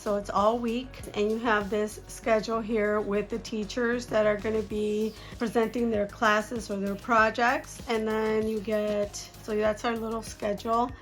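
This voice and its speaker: Hoarse woman chatting through a cold. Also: medium pitch. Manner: chatty, upbeat, with light laughs. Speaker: jewelry-making vlogger. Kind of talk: casual unboxing chat.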